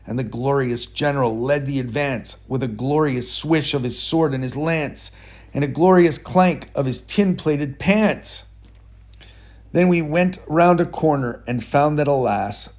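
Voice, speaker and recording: Guy reading a rhyming kids' story, bouncy rhythm, lots of expression, mid-pitched voice.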